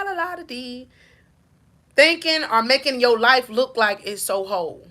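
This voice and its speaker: A woman's voice: fairly high pitch, bright, forceful tone. A woman with a Southern US accent, a faith-based life coach giving a preaching-style motivational talk, driving her points home with rhythmic repetition and call-outs to her listeners.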